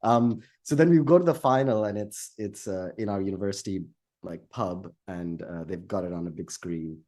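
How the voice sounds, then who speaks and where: A man co-hosting a podcast, telling a story in casual chat, animated and swearing. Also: sits low, moderate pace. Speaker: podcast co-host.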